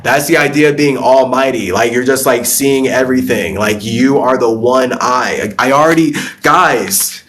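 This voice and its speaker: A man's voice: medium pitch, a bit bright. Blunt, profane man on a spiritual live stream. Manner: blunt, profane and rambling, breaking into laughs; answers viewer comments directly. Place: live stream, talking to viewers.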